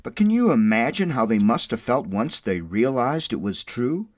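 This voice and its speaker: A man preaching an online Easter sermon as a pastor, swinging from soft and mournful passages to loud, jubilant peaks. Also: mid-range voice, very animated, moderate pace, no room sound, studio quality.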